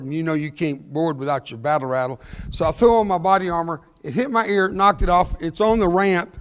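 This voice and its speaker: An older man, giving a motivational speech that mixes jokes with storytelling and talks fast. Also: high voice, long reverb tail. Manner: energetic, joking, fast-talking. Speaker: motivational speaker. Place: large hall before an audience.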